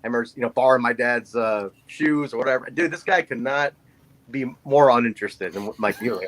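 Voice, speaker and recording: A man's voice: mid-range voice, a little fast, low-quality recording. A man in his forties, a podcast co-host, telling a story in casual chat and acting out the voices of the people in it. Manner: animated storyteller who acts out voices.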